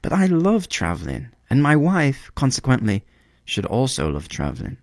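A man's voice: mid-range voice, wildly swooping pitch, moderate pace, no room sound, studio quality, pitched above the performer's own voice. A man voicing a fussy, self-important little male swallow in a storybook reading. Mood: complaining.

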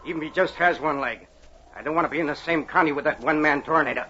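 A man's voice: a little high, racing, natural voice. An actor playing a cowardly male henchman who complains in folksy grammar, in 1940s radio acting. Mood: scared. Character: whiny, cowardly male henchman with sore jaw. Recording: dull old radio broadcast with hiss.

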